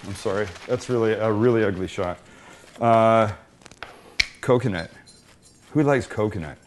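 A man's voice: lowish voice, unhurried, background noise. A middle-aged man hosting a casual cooking demonstration in his home kitchen, joking at his own expense while he works. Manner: joking, self-deprecating, talks while working. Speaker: cooking show host.

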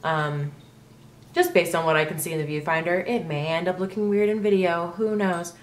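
A woman's voice: lowish voice, normal speed, slight background noise. A young woman chatting casually through a makeup tutorial, rambling with lots of ums and likes. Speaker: beauty vlogger.

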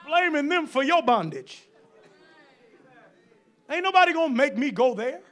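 Man preaching, very high voice, fiery folksy sermon, builds to shouting. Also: sing-song, measured pace. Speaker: pastor.

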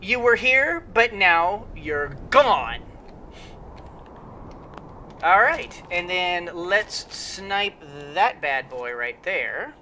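Rambling let's play host, bright voice. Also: medium pitch, very slow, a little hiss or hum. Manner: rambling, with many fillers and excited exclamations. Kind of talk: gameplay commentary.

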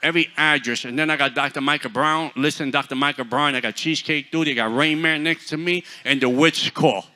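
A man preaching a sermon, telling stories in a lively, joking, conversational way. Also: on the high side, fairly quick, hardly any pauses. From New York. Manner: animated, humorous, conversational preaching. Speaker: guest preacher. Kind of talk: storytelling sermon.

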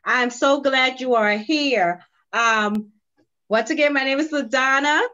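A bubbly woman in her fifties hosts a live video chat. Her voice sits high and sounds bright and sharp. The sound is muffled, like video call audio. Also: measured pace. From New York state. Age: 50s. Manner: bubbly, chatty, repeats "guys" often. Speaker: host.

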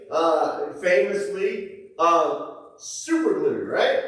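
Male Midwestern pastor, conversational sermon delivery, slightly high voice, distant mic in an echoey church hall. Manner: conversational preaching, folksy asides and chuckles. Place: church auditorium.

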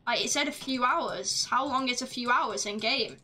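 High bright-voiced woman streamer. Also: moderate pace, slight background noise. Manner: chatty, swears freely, yells at the game. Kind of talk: live gameplay commentary.

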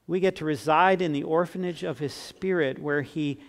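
A man in his sixties preaching a sermon as pastor, earnest, swinging from emphatic to soft and tender. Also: on the high side, normal speed. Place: church sanctuary. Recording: long church reverb.

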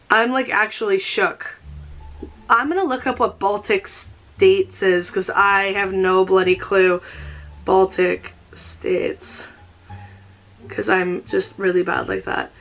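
Excitable woman vlogger, casual rambling chat with light swearing, faint music behind. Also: mid-range voice. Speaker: YouTuber. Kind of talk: casual vlog.

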